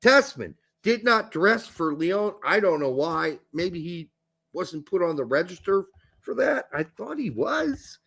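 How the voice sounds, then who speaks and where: A man co-hosting a casual soccer chat, talking in an animated, profane, rambling way. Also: sits high, unhurried, vocal fry, husky. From born in the US, raised in Germany. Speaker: podcast co-host.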